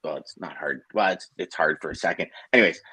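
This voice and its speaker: A man co-hosting a casual morning show over a video call, animated and laughing as he rambles through stories. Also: extremely low pitch, quick pace, slightly rough, no echo. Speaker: co-host.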